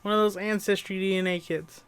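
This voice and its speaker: A podcast co-host chatting casually, with short, low-key replies. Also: steady tone, a little fast, fairly bright tone, clear, resonant tone. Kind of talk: casual chat.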